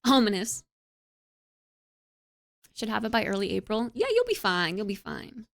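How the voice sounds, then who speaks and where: A young adult woman streamer in casual chat, reading and answering her live chat, bubbly and animated and often saying "like". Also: mid-range voice, moderate pace, creaky.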